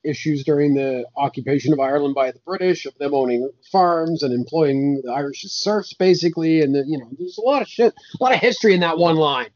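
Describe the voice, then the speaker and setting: A man's voice: fairly high pitch, fast, few pauses, no echo, muffled recording. Wry man in a movie chat. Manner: dry wit, wry comments. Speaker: podcast co-host. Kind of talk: casual movie review chat.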